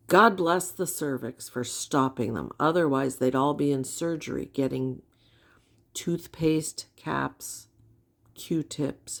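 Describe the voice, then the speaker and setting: A woman's voice: extremely low pitch, measured pace, vocal fry. A woman giving casual explanatory commentary, wry and teasing, often asking rhetorical questions.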